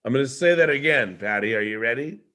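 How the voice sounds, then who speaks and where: Man, host, leadership coach, animated, rhetorical questions, video call. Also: medium pitch, fast talker. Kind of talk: live online show talk.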